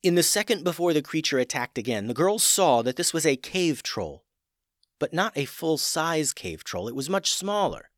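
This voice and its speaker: A man narrating a children's fantasy story with expressive, dramatic storytelling. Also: on the high side, moderate pace, no room sound, clean studio sound.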